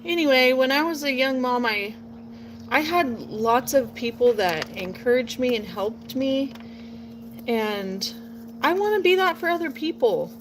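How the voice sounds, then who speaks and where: A woman in her late thirties from Portland, Oregon, a vlogger, chats casually while crafting outdoors at home, recorded on a nearby phone with background noise. Her voice is high and lively with a measured pace. She rambles in a folksy way and sometimes drifts into a playful southern drawl.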